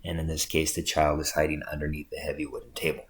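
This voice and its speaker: Male English instructor, very low voice, patient explanatory lecture delivery. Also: flat delivery, fast talker. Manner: explanatory, checks in with "right?". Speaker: English teacher. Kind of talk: recorded lecture.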